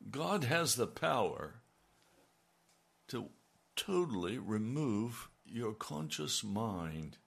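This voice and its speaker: A man's voice: medium pitch, big pitch swings, very slow, vocal fry, fairly bright tone, slightly rough. An older man preaching a sermon in an earnest, emphatic way, rising on key phrases.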